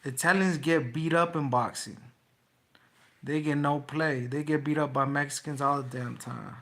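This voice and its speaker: A man's voice: on the high side, fairly even intonation, normal speed, fairly bright tone. A young man, a boxer, taunting his livestream chat in slangy, repetitive trash talk.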